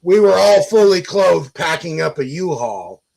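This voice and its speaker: A man's voice: fairly high pitch, big pitch swings, unhurried, creaky, crowd noise, poor audio. A middle-aged man, a guest on a casual live stream, telling long, rambling, profane stories with lots of restarts.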